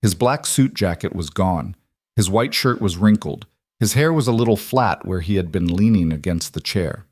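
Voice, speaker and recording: A man narrates a story in a calm, even way, pacing short sentences with care. His voice is fairly low. The recording is close and dry, with no room sound. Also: moderate pace, husky, no room sound. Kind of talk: scripted audiobook narration.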